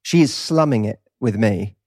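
A man's voice: fairly low pitch, lively intonation, moderate pace, darkish tone, husky, dry recording, studio quality. A man in his thirties with an East London accent, chatting casually as a podcast guest and laughing between lines. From England. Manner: playful, laughs while talking. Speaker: guest, dating coach.

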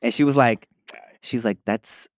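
A man's voice: medium pitch, measured pace, no room sound, studio quality. Laid-back slangy man telling stories. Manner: laid-back, slangy storyteller who laughs often. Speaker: podcast host. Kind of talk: casual chat.

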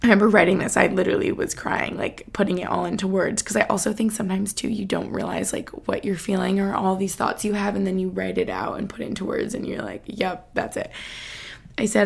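A woman's voice: medium pitch, fairly even intonation, fairly quick, gravelly, slightly rough. A young woman hosting a podcast, chatting casually and emotionally, reading her own post aloud with lots of "like.". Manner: chatty, emotional, heavy use of "like". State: close to tears. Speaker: podcast host.

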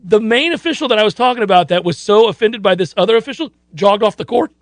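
A man's voice: sits high, animated, quick pace. A man hosting a sports talk radio show, chatting casually and acting out other people's lines.

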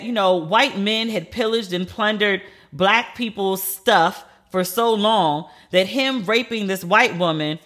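A woman riffing on TV and the news in a casual podcast. Her voice is bright and forward, and she delivers blunt, profane, incredulous takes in a middle-pitched voice.

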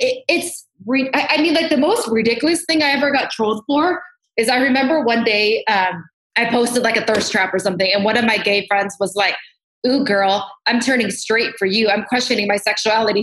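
A woman's voice: on the high side, a little fast, fairly bright tone. A woman makeup artist, a guest in a casual interview, talking candidly and animatedly and swearing freely. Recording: roomy echo.

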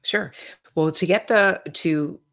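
A woman's voice: fairly low pitch, slow pace, a bit bright. A woman psychotherapist and author speaking as a podcast guest, assured and affirming in casual conversation. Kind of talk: casual interview chat.

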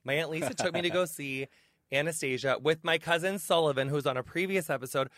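A man's voice: a little high, fast, fairly bright tone, dry recording. A man hosting a podcast in a studio, chatting in an effusive, gushing way with lots of fillers. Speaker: podcast host. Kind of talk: casual chatty interview. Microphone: studio headphones and mic.

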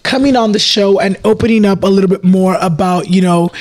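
A male podcast host with a notably high voice asks his guest questions in a gentle, encouraging way. He leans on lots of "you know" and "um" fillers as he wraps up the episode. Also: steady tone, brisk. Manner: gentle, filler-heavy, supportive. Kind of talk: casual podcast hosting.

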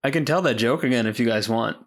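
A man's voice: medium pitch, fast talker. Joking, rambling male podcast co-host. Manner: joking, rambling, self-mocking. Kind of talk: casual podcast chat.

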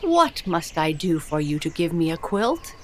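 A fretful, greedy old king from a storybook, put on by a woman reading aloud. He cries out his complaints loudly. His delivery is slow and drawn out. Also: low voice, very animated, a little hiss or hum. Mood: frustrated. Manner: loud and exclaiming.

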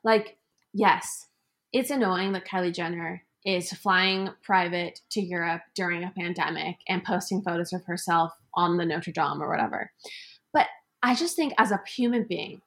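A woman's voice: fairly low pitch, normal speed, fairly bright tone. A woman co-hosting a podcast in casual pop-culture chat, breezy and opinionated with a laid-back air. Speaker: podcast co-host.

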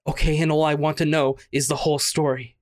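A man's voice: on the high side, little pitch movement, fairly quick, lightly acted. A man playing an angry brother demanding answers. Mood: intense. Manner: intense, pleading and accusing. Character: angry young man seeking his sister's killer.

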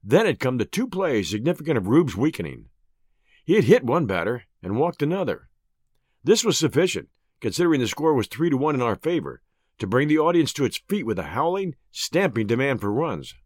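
Male storyteller, middle pitch, animated delivery, close dry studio sound. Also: fairly quick, no echo. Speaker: audiobook host and narrator. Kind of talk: scripted story narration.

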